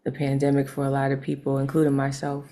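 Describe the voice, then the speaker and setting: Woman, poet, low pitch, gravelly, relaxed, reflective, lots of fillers. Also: fast talker. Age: adult. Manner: relaxed, reflective, with frequent "uh" and "you know". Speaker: poet and open mic host. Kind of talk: casual interview answers.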